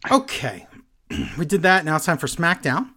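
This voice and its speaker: A man's voice: a little high, very animated, normal speed, bright, forceful tone. A man co-hosting a casual wrestling podcast, chatting and reading listener emails aloud. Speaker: podcast co-host. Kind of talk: casual chat.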